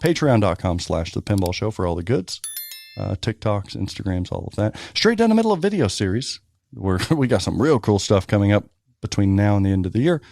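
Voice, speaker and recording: A man co-hosting a podcast in casual chat, telling stories in a ranting, profane, animated way. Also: lowish voice, brisk, creaky, no echo. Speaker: podcast co-host.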